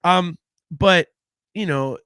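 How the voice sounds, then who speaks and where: A man hosting a casual podcast chat, animated and rambling, swearing freely into a close microphone. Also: high-pitched, slow pace, clean tone, no echo. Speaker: podcast host.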